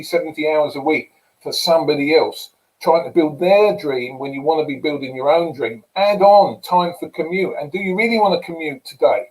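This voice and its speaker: Middle-aged English man, high-pitched and animated, live sales-seminar pitch. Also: rough recording. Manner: energetic, animated storytelling with punchy asides. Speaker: property trainer pitching a program.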